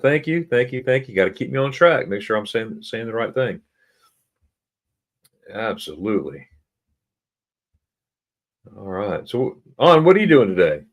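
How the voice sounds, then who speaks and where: A middle-aged man with a very low, deep voice hosts a relaxed livestream chat. He reads viewers' comments aloud and talks in a halting way, with many restarts and repeated words. He chuckles often between remarks. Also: creaky. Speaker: livestream host.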